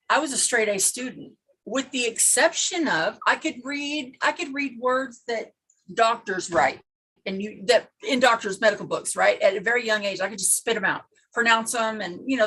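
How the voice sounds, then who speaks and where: A woman's voice: on the high side, moderate pace, a bit bright, husky, rough recording. A woman in casual chat on a video call, telling a personal story earnestly with restarts. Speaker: participant in a craft video call.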